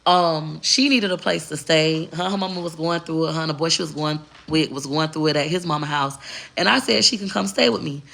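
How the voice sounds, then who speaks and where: A woman's voice: low voice, brisk, gravelly, fairly bright tone. A woman vlogger telling a personal story in a candid, blunt and profane way. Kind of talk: casual storytelling to camera.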